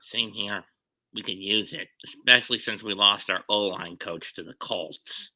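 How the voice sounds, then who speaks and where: A tired man chatting quietly on a live stream, keeping his voice down. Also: on the low side, a little slow, dry recording, rough recording. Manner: quiet, subdued, keeps voice down. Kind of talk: casual live-stream chat.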